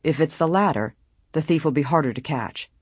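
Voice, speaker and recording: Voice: mid-range voice, fairly quick, husky, dry recording, clean studio sound, close to an everyday voice. A reader voicing a grave middle-aged police chief in an audiobook.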